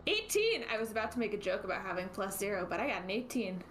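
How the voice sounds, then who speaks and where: A woman playing a tabletop role-playing game who talks chattily, with laughing asides. Her voice sits at a middle pitch. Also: big pitch swings, fast talker, a bit bright, faint music behind. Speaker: player. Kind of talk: casual tabletop play.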